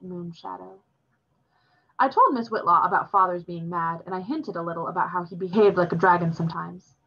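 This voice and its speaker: A woman reading a novel chapter aloud in a steady, plain storytelling voice. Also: fairly low pitch, breathy edge, highs cut off. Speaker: reader.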